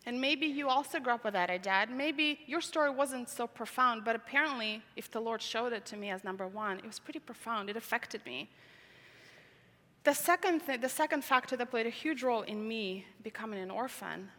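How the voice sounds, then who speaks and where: A non-native English-speaking woman from Tajikistan tells her life story as a testimony, earnest and repeating key words for emphasis. Her voice is bright and a little high. The sound rings with the long reverb of a large hall. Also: a little fast. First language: not English. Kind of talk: personal testimony talk.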